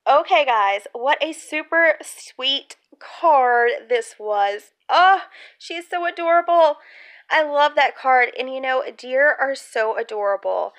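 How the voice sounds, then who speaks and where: A woman chatting casually while unboxing a gift on her bed, excitable and chatty with frequent squeals, filmed on a handheld phone. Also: sits high, clean tone. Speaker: crafts vlogger. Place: bedroom at home. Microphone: handheld phone camera.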